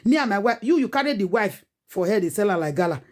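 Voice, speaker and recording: A woman's voice: mid-range voice, animated, quick pace, a little mellow. Nigerian woman in her forties, scolding rant. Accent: Nigerian Pidgin English. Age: 40s. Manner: preachy, scolding, rhetorical questions. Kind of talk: animated casual rant.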